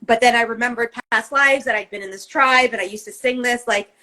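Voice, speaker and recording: A woman with a slightly high voice talks in relaxed podcast chat. She rambles through a personal story with heavy emphasis and frequent swearing. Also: brisk, rough recording. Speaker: co-host.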